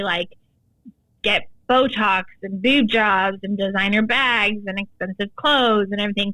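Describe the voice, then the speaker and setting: A woman's voice: medium pitch, a bit bright, no room sound, poor audio. Podcast guest: an emphatic woman coach, casual, with a dry close sound. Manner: emphatic, frequent "like" fillers. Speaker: guest, tantra and embodiment coach.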